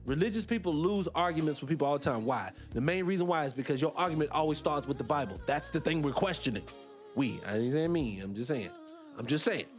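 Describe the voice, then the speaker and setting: A man's voice: a little high, expressive, fast talker, soft background music. A middle-aged man from the United States hosting a casual livestream, talking emphatically and firing off rhetorical questions. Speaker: livestream host.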